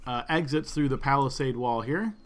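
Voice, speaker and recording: A man narrating a tabletop game as game master, describing scenes with frequent halting fillers. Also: mid-range voice, a bit bright.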